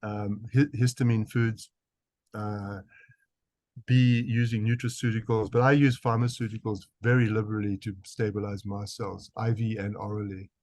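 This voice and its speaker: A man's voice: on the low side, flat delivery, moderate pace, darkish tone, dry recording. A man with a South African accent, a physician answering interview questions emphatically, often repeating words as he restarts. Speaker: guest physician.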